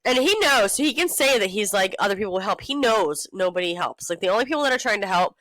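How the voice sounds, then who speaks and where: A woman in her thirties rants animatedly as a podcast co-host, peppering every story with profanity. Her voice sits at an ordinary pitch and is recorded dry and close, with no room sound around it. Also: lively intonation, fast, fairly bright tone, no echo, low-quality recording. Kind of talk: casual chat.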